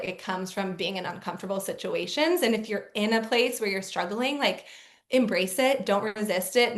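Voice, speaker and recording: A woman speaker and coach, a guest in an interview, telling stories in a lively, casual way with frequent "like". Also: medium pitch. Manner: lively storyteller, fills speech with "like". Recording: echoey room.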